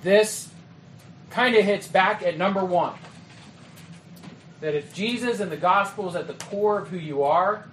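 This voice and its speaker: A man giving a training talk to youth ministry leaders in a conversational way, often checking in with "okay?" and "right?" and acting out quick exchanges. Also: high voice, a bit bright, a little hiss or hum. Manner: acts out quick quoted exchanges. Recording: echoey room with faint ambience.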